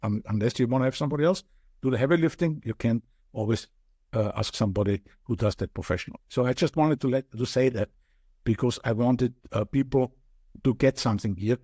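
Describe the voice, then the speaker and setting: A man's voice: medium pitch, fairly quick, dark tone, slightly rough, no room sound, studio quality. A man with an Austrian accent, speaking as a podcast guest in an earnest, explanatory way and often restarting his sentences. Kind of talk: podcast interview chat.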